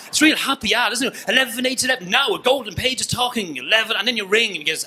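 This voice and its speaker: A man's voice: sits high, expressive, rapid-fire, hardly any pauses, noisy background. A man with an Irish accent doing a stand-up comedy set on a club stage, chatty and slipping into mimicked voices.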